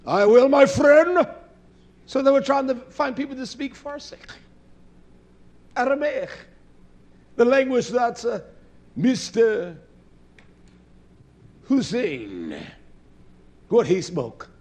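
A male preacher giving a sermon, impassioned, swinging between loud declaiming and low muttering. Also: expressive, takes it slowly, long pauses.

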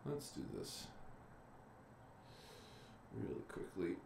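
A man teaching a casual live-streamed lesson, thinking aloud as he clicks through his files. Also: takes it slowly. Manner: chatty, thinking aloud while clicking around. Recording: echoey room with faint noise.

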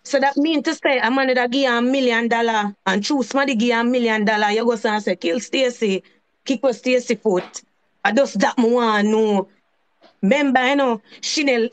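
A channel host with a strong Jamaican accent and a high-pitched voice rants on a live stream. Her heated rant runs long, circling back over the same points as she swears freely in patois.

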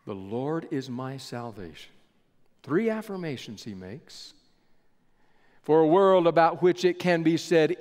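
A male pastor preaching a sermon in a measured storytelling style with dramatic pauses, in a large church sanctuary. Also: a little high, darkish tone. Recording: echoey church hall with long reverb.

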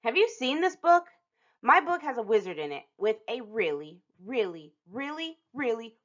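A woman reading a picture book aloud to children as a storytime host, expressive and lingering on some phrases with dramatic pauses. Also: a little high. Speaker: storytime reader. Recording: dull lo-fi recording.

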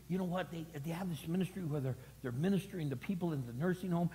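A man's voice: a little high, fast talker, hardly any pauses, dark tone. A middle-aged male pastor preaching a sermon, with dramatic delivery and lots of repetition. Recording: long hall reverb.

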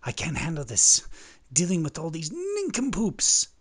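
A man voicing a pompous, irritable male king who shouts and sneers at his subjects. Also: medium pitch, very animated, racing, voice pushed up, close to an everyday voice. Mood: agitated. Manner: shouting, haughty, easily agitated.

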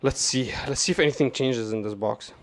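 A man giving casual, rambling commentary to his chat while opening card boxes, swearing and jumping from calm talk to loud rants. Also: mid-range voice, brisk. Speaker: card game streamer.

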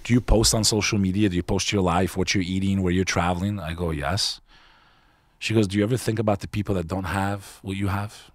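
A man's voice: sits low, steady tone, a little fast, no echo. A man in his forties from New York, a podcast guest telling a personal story in casual chat, earnest and confessional, calling the listener bro. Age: 40s.

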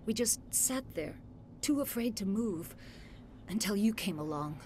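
A woman's voice: mid-range voice, animated, measured pace, a little mellow, slight background noise, lightly acted. A woman voicing a female scientist recounting an attack she survived, in a video game. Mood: shaken. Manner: shaken, earnest.

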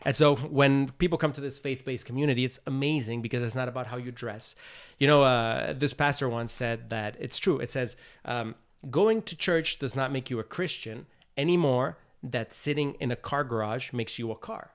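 This podcast guest, a man with a medium-pitched voice, keeps a moderate pace during a casual interview. He makes his points with earnest, lively storytelling, doing little voices along the way.

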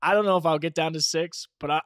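A man co-hosting a podcast, chatting casually and telling self-mocking stories, acting out quotes with lively energy. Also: a little high, fast talker, dry recording, studio quality. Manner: animated, self-mocking storyteller who acts out quotes. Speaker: podcast co-host.

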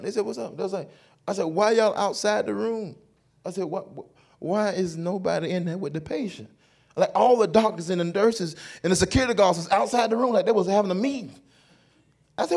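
A male comedian tells a story from a church stage. His voice sits a little high and carries a husky edge. He leaps up and down in pitch, acting out every person in the tale. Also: lively intonation, a little fast. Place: church stage before a live audience.

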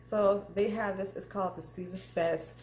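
A woman chatting casually to her viewers while unboxing in her home kitchen, animated and calling them "y'all". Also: medium pitch, normal speed. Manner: animated, addresses viewers as "y'all", frequent "okay?". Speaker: cooking channel vlogger. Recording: echoey kitchen with clear background noise.

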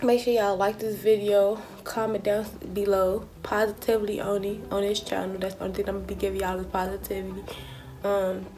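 A woman's voice: medium pitch, level tone, brisk, warm tone. A young woman, chatting casually to her viewers in a get-ready-with-me vlog from her bedroom, recorded on a phone. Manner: chatty, slangy, talks straight to viewers. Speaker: vlogger. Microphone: phone camera.

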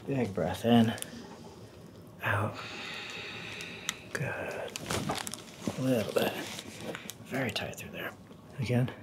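A male chiropractor talking a patient through treatment in a calm, instructive way with the odd light joke. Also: mid-range voice, slow, pauses often, very noisy.

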